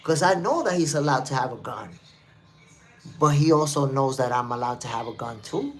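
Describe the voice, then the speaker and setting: A man's voice: mid-range voice, animated, normal speed, soft background music. A man from New City, hosting a live stream and giving casual commentary while reading the chat, emphatic and repetitive. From New York City. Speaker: livestream host.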